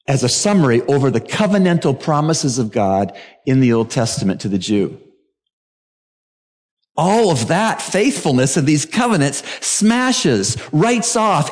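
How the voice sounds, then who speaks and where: Emphatic preaching man, fairly high voice. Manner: emphatic preaching with sudden high-pitched exclamations. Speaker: pastor. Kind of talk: sermon.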